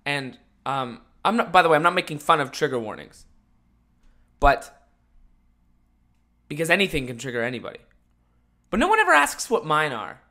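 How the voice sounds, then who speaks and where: A young man hosting his own podcast with a rough morning voice, rambling jokily between loud outbursts and mumbled asides. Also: on the high side, sing-song, moderate pace, long pauses. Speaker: podcast host. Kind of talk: casual solo podcast chat.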